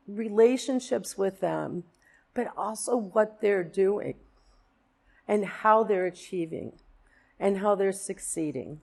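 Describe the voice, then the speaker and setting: A woman in her fifties speaks to her church congregation, sharing a personal testimony in an earnest, rambling way. She circles back on her words and fills the gaps with fillers as she goes. Her voice sits in an ordinary middle pitch. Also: slow pace, creaky, long pauses, darkish tone. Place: church sanctuary.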